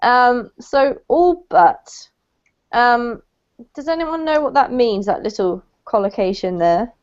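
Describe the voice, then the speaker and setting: A woman tutor runs an online English lesson, praising her student and slowing down to model pronunciation. Her voice sits slightly high. The call audio is dull and lo-fi. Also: smooth. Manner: encouraging, clarifies pronunciation with slow modeled words. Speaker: English teacher.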